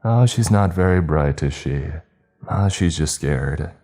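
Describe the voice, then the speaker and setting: A man voicing a grumpy, sarcastic teenage boy with a British accent, in a curt, deadpan manner. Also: sits low, unhurried, soft background music.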